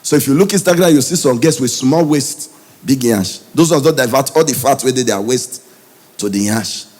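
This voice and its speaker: A Nigerian man doing stand-up comedy in Pidgin English, telling stories in an animated way. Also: medium pitch, moderate pace. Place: comedy stage before a live audience.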